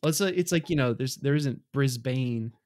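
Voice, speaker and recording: A man co-hosting a casual podcast, easygoing and quick to agree. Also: on the high side, darkish tone. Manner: easygoing, lots of agreeing fillers. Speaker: podcast co-host.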